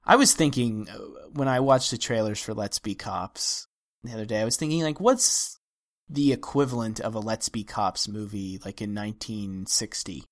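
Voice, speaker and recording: A man hosts a film podcast in casual discussion, sounding wry and hesitant with many restarts. His pitch is fairly low and his speed normal.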